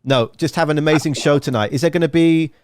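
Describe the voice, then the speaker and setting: A man hosting a casual interview podcast, telling long rambling stories in an animated way. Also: fairly high pitch, fast, no room sound, clean studio sound. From England. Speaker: podcast host.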